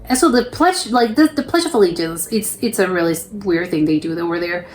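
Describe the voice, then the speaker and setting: A woman's voice: fairly low pitch, expressive, brisk, darkish tone, faint music behind. A young woman from the United States hosting a reaction video, reading comments aloud and reacting with laughs and disbelief. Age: young adult.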